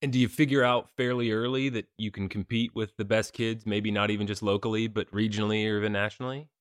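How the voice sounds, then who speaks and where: A man's voice: on the low side, quick pace, clear, resonant tone, dry recording, clean studio sound. A man hosting an interview, asking loose, conversational questions. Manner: relaxed, loose questions with fillers. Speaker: interviewer, podcast host.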